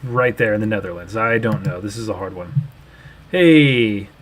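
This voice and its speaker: A man's voice: lowish voice, animated, moderate pace, slight background noise. A young man hosting a casual livestream, chatty, explaining things and thinking aloud as he goes. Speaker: livestream host.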